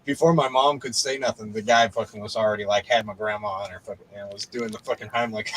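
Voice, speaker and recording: A man's voice: fairly low pitch, steady tone, fast, fairly bright tone, slight background noise, rough recording. A man telling a rambling story in casual chat, swearing constantly and laughing a lot.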